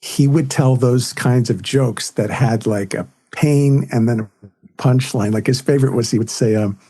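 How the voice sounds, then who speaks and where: A comedian and author from California, USA, appears as a podcast interview guest, telling anecdotes and jokes and acting out quoted voices. He speaks with a mid-range, dark-toned voice at a moderate pace.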